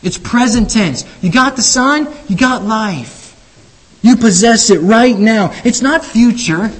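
A man's voice: high voice, slow pace, breathy edge, poor audio. A man preaching a sermon, emphatic and repetitive, stumbling over restarts as he presses his points.

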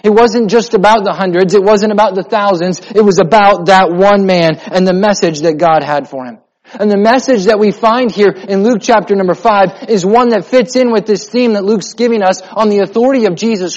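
A man, a pastor, preaching a sermon with emphatic repetition and a steady build toward his point. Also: high voice. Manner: emphatic preaching with repetition, drops to a soft voice in prayer. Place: church sanctuary. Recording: muffled sound in a reverberant hall.

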